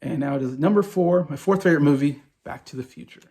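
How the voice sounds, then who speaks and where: A man's voice: fairly high pitch, fast, warm tone. A man in his forties talking casually and enthusiastically about favorite movies, rambling with many fillers and restarts. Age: 40s. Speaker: movie vlogger.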